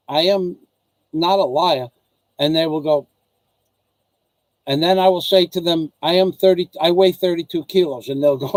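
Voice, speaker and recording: A man from the United States with a fairly high voice hosts a loose, chatty vlog. He circles back and restarts his sentences, slipping into little acted-out exchanges. The sound is dry and close. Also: normal speed, a little mellow, no echo, poor audio. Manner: repetitive, restarts sentences, acts out dialogue. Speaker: vlog host. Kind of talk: casual rambling rant to viewers and wife.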